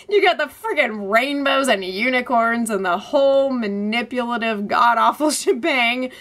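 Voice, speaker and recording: Bright, fairly high woman's voice for an animated TV-review vlog; laughs a lot, wordy and vivid. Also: unhurried. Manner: animated, laughs often between points. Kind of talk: TV episode review.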